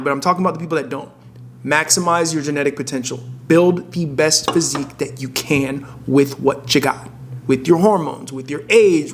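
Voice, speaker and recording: Young gym guy ranting at the camera, swears a lot, keeps restarting sentences, voice sits a bit high. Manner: blunt, profane, emphatic, self-interrupting. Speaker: fitness content creator. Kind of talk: casual direct-to-camera advice.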